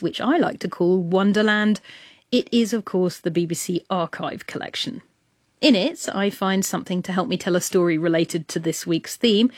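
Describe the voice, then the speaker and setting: A woman's voice: lowish voice, no room sound, clean studio sound. A woman presenting a radio science show, playful and enthusiastic, with jokey asides. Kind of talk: lively scripted presenting.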